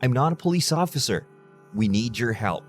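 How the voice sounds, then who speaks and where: A man's voice: medium pitch, animated, moderate pace, faint music behind, voice pushed up, lightly acted. A man voicing a terrified young woman pleading for help on an emergency call, her voice shaky and desperate. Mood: frantic terror.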